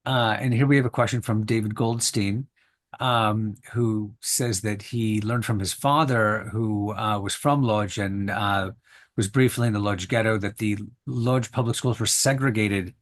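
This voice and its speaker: A man with a fairly low voice moderates an online lecture's question session. He talks haltingly, piling up fillers and restarting his sentences, heard through a video call connection. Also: fairly even intonation. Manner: hesitant, many fillers and restarts.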